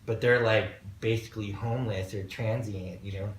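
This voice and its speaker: A man hosting a podcast, musing in a relaxed, reflective way with many fillers. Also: on the low side, normal speed. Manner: laid-back, reflective, filler-heavy. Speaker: podcast host. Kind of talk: casual conversation. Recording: roomy echo, distant mic, faint background noise.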